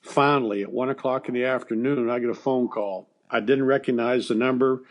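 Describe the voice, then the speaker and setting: An older American man, a former baseball coach, telling personal stories in an interview in a halting way with frequent restarts. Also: mid-range voice, steady tone. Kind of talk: emotional storytelling interview.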